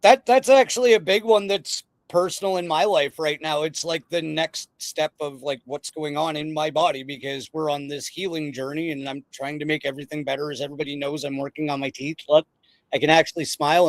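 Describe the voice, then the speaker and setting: A man hosting a casual podcast chat, excitable and rambling, often breaking into laughter. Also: fairly high pitch, fairly quick, dry recording. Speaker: podcast host.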